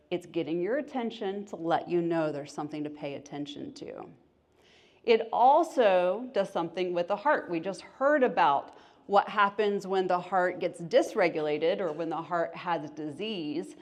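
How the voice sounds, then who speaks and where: A woman, a therapist and life coach, giving an educational talk, asking the audience questions and acting out little voices. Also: on the low side.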